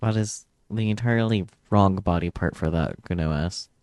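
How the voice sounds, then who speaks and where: Playful male streamer, low-pitched, dry close sound, casual reads. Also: moderate pace, darkish tone, dry recording. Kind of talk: reading game text aloud and joking.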